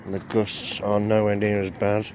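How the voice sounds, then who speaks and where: A man's voice: on the low side, monotone, normal speed, darkish tone. A man chats casually to his camera from inside a tent. He rambles and chuckles between thoughts, and faint wind and traffic noise sit behind his voice. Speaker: wild camping vlogger.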